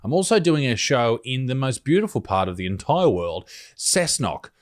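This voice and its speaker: A man reacting to clips with blunt sarcasm. His pitch swings widely as he talks, and he sounds animated and quick to mock. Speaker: commentary host. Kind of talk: reaction commentary.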